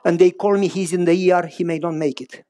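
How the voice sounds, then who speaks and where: A man voicing a distressed woman who is crying, speaking softly and lower than his own voice. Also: steady tone, a little fast, natural voice. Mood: tearful. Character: distressed middle-aged woman, tearful mother.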